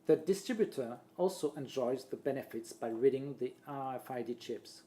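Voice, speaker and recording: Man with a mellow voice. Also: mid-range voice, moderate pace. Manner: steady, lists points one after another. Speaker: marketing presenter. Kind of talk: read-aloud presentation voice-over.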